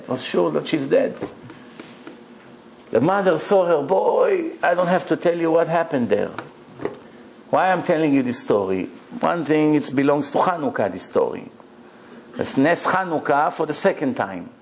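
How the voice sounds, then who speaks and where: A high-voiced rabbi preaching through a story, animated and emphatic. His pitch runs high for a man. A faint bed of noise sits under the voice. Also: moderate pace, creaky. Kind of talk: storytelling sermon.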